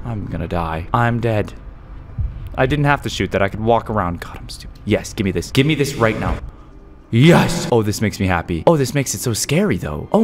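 A man giving excitable, jumpy let's play commentary on a horror game. His pitch leaps all over the place as he chatters to his viewers. Faint game music plays behind him. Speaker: gaming YouTuber.

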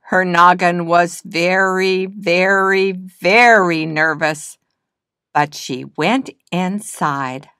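A woman reading a children's picture book aloud in a slow, expressive, sing-song way. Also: on the low side, dry recording, clean studio sound. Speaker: storybook reader. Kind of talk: children's storybook narration.

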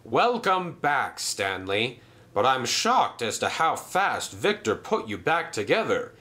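A man's voice: medium pitch, big pitch swings, slow pace, pushed and bright, full character voice. A man voicing a firm but kind male railway boss who speaks in a commanding, formal way.

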